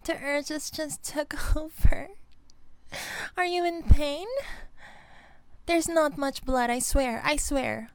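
A woman's voice: fairly high pitch, animated, slow, long pauses, no room sound. A young woman voicing a clingy, playful female vampire girlfriend in an audio role-play, giggling and affectionate toward the listener. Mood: apologetic.

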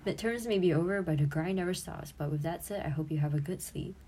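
A woman's voice: on the low side, quick pace, warm tone, slightly rough. A woman in her twenties, an audio creator and streamer, chatting casually and giggling as she looks back on her old posts, swearing freely.

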